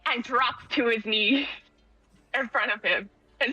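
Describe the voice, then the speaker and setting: A woman's voice: on the high side, unhurried, pushed and bright, no room sound, muffled recording. A woman playing a tabletop game, narrating her character and pleading playfully in character. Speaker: player.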